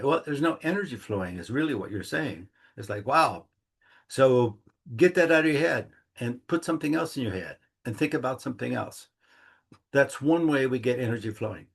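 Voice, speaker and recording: A middle-aged man gives a casual, rambling monthly talk, a reflective monologue where he acts out little inner dialogues in a folksy manner. His medium-pitched voice is creaky and slightly rough, with lively intonation and a moderate pace.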